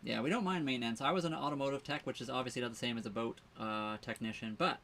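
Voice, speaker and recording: A man of middle pitch chats quickly and casually with viewers of his livestream. He rambles and restarts his sentences often. A faint background noise sits under his voice. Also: a bit bright. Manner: fast, rambling, with frequent fillers and restarts. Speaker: livestream co-host living on a sailboat. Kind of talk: casual livestream chat answering viewer questions.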